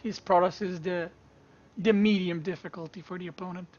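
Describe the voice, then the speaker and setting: A woman's voice: fairly low pitch, fairly even intonation, fairly quick, muffled recording, background noise. A woman streamer giving casual esports commentary, chatting straight to her viewers from a home streaming setup. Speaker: streamer and caster.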